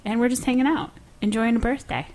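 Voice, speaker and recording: A woman co-hosting a podcast in casual chat, chatty and bubbly with quick laughs. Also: a little high, fairly even intonation, darkish tone. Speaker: podcast co-host. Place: home in Nashville.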